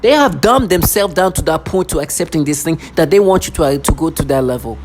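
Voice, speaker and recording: A vlogger in an intense, repetitive personal monologue who keeps mimicking other people in a lower voice. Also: animated, a little fast, faint music behind.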